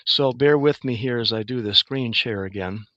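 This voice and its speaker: A man giving a relaxed, plain-spoken webinar presentation as a guest engineer over a video call. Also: mid-range voice, normal speed, no echo, muffled recording. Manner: plain, relaxed, narrates his screen sharing. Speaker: guest speaker, utility engineer.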